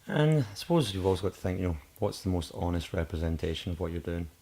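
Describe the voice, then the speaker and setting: A man's voice: low voice, big pitch swings, fast talker, creaky, mellow. A man hosting a podcast, chatting casually with a guest and teasing him with dry jokes. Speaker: podcast host. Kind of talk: casual chat.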